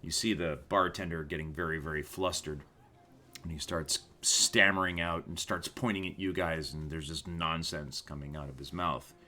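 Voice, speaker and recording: Deep-voiced man narrating as game master. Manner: relaxed, unhurried narration with fillers.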